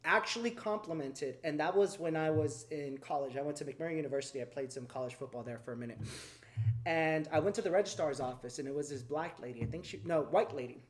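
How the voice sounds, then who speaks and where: A man's voice: a little high, quick pace. A man in his twenties hosting a podcast, telling blunt, profane stories in casual chat. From Mexican heritage, US. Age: 20s. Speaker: podcast host.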